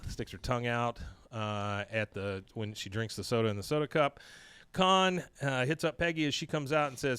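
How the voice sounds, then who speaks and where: A man's voice: mid-range voice, moderate pace, a bit bright, smooth, no echo. Podcast host, man, casual plot recap, clean and dry. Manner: reads episode plot with quoted lines, laughs often.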